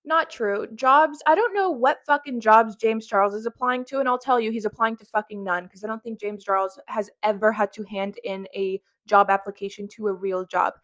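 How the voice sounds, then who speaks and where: A woman's voice: fairly high pitch, normal speed, few pauses, a bit bright. A woman hosting a reaction commentary, ranting angrily with heavy swearing. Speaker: commentary host.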